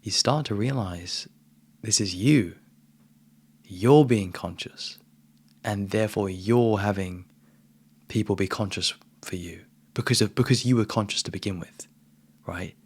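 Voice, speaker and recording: A man giving a casual spiritual monologue as a coach, relaxed and emphatic, often calling the listener "man". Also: fairly low pitch, measured pace, long pauses, slightly rough.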